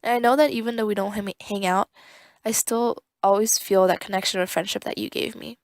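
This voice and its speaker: Earnest young woman, slightly creaky voice. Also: medium pitch, steady tone, brisk, no room sound. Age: young adult. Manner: earnest, grateful. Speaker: student club member. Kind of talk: recorded farewell message.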